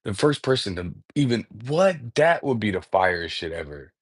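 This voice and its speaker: A man hosting a livestream, talking in a rambling, excitable way, full of slang and swearing, often breaking off mid-word. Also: lowish voice, normal speed, breathy edge. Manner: excitable, profane, slangy, peppers speech with "bro"; jumps between thoughts, trails off mid-word. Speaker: livestream host. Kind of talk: casual rambling livestream talk.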